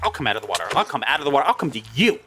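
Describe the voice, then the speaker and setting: Lively gamer voice, excitable let's-play commentary, startled yelps, talks to the mobs, music playing behind. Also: mid-range voice, racing. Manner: excitable, frequent startled exclamations. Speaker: gaming video creator. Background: background music.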